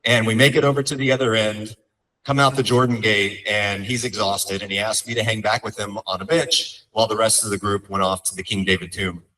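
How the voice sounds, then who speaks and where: A man's voice: on the low side, flat delivery, brisk, bright, forceful tone, far from the mic, low-quality recording. A young man speaking as a son at his father's memorial, telling heartfelt stories with light humor. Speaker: son giving a eulogy. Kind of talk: memorial eulogy storytelling.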